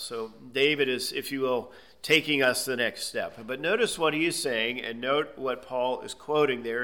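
A man's voice: medium pitch, pushed and bright. A man preaching an expository sermon, reading scripture aloud and then explaining it plainly. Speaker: pastor.

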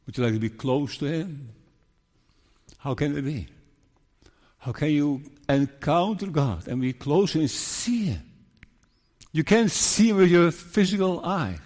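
Slow earnest male preacher, echoing church. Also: medium pitch, a little mellow. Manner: earnest, questioning, builds to emphatic peaks. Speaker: pastor. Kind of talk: sermon.

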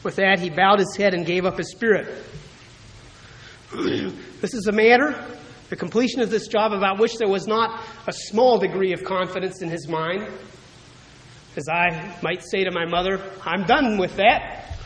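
High-voiced man preaching a sermon. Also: steady tone, fairly bright tone, poor audio. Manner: measured and deliberate, often clears throat. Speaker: pastor.

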